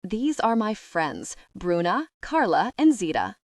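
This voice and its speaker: Woman voicing a teasing young Italian-accented woman, slow villainous delivery. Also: mid-range voice, big pitch swings, no echo, studio quality.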